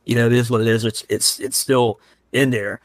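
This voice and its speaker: A man's voice: mid-range voice, steady tone, moderate pace, no echo. A firefighter and paramedic from Central Ohio, a man, earnestly telling a personal story as a podcast guest. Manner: earnest and heartfelt, emotional while recounting. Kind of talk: candid interview storytelling.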